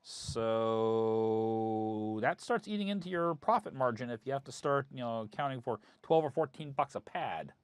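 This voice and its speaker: Streaming artist, male, rambling and casual, very lively intonation. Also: mid-range voice, a little slow, clear, resonant tone, no room sound. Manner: chatty, rambling with many fillers. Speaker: artist hosting a drawing stream. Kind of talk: casual chat while drawing.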